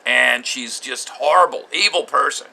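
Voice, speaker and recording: Older man, gravelly voice, tense delivery, bitter personal journal, halting speech. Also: medium pitch, pushed and bright. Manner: bitter, halting, with frequent restarts. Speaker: vlogger recounting his marriage.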